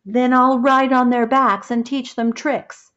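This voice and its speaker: A woman voicing a small boy who is shy at first but quick with playful ideas, in a storybook reading. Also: sits high, fairly even intonation, fairly bright tone, dull audio, voice pushed up. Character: timid but inventive young boy.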